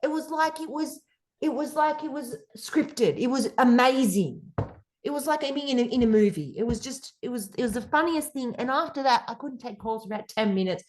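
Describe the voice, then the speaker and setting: Animated Australian woman storytelling. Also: high voice, fairly quick. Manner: animated, rambling, many fillers. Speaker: podcast guest. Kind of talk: casual interview storytelling.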